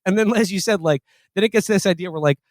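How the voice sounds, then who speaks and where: A man from New York City co-hosting a podcast, talking in an animated way and swearing casually. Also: sits high, fast talker, no room sound. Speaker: podcast co-host.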